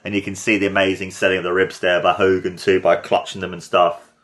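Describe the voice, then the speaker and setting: A young man hosting a casual watchalong, talking excitedly and rambling as he gushes over what he sees. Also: sits low, fast. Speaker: podcast host.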